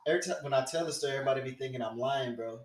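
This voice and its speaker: A man's voice: medium pitch, very fast, roomy sound. A young man co-hosting a podcast, telling a story in casual chat and acting out the people in it. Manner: animated, acts out quoted voices loudly. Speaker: podcast co-host.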